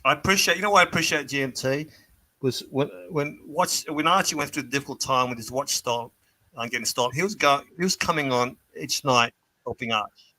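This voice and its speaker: A man's voice: mid-range voice, a little fast, sharp tone. A man teasing and joking in a casual group chat on a show. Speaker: show regular.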